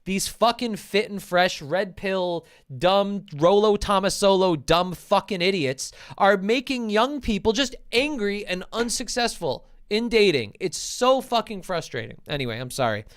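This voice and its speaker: A man's voice: high voice, lively intonation, measured pace, few pauses, clean tone. A man hosting a podcast as a relationship coach, ranting with heavy swearing and mocking impressions in casual chat.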